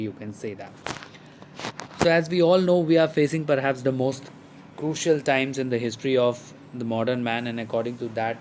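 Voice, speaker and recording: A man's voice: medium pitch, darkish tone, a little hiss or hum, low-quality recording. A man teaching a lesson, explaining a poem at length with many fillers and restarts. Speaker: literature teacher.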